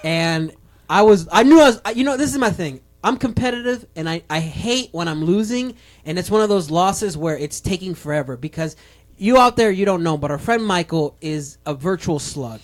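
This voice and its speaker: Animated young man telling a story. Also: high voice, moderate pace. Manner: animated, swears a lot, acts out friends' voices. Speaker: podcast co-host. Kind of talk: casual chat, storytelling.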